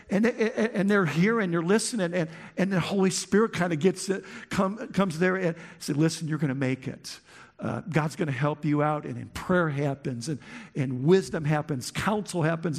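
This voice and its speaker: A man preaching a sermon as pastor, emphatic, with many restarts and swings from quiet to loud. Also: a little high.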